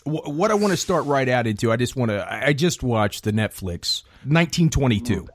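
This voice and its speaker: A man's voice: medium pitch, big pitch swings, brisk, dry recording, studio quality. A man hosting a podcast interview, hyped and showman-like, with casual slang. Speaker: podcast host.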